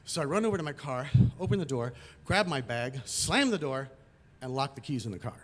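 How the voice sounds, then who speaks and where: A man from Los Angeles telling a personal story on stage, vivid and animated, acting out the scenes. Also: mid-range voice, a little fast.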